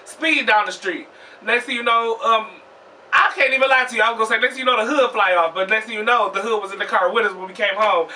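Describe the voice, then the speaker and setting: A young man telling a storytime vlog in a profane, animated way, acting out what people said. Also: high-pitched, quick pace, distant mic. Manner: animated, profane, acts out quoted voices loudly.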